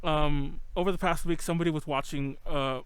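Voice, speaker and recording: A man's voice: a little high, fairly even intonation, brisk, clean tone, dry recording. A man hosting a casual podcast over an online call, rambling and correcting himself with frequent laughs. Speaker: podcast host. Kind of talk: casual chat. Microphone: home computer mic on an online call.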